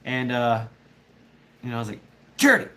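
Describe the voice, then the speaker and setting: A man's voice: medium pitch, animated, normal speed. A man telling a rambling, profane story in casual chat with his viewers, often laughing. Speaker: livestreamer chatting with viewers.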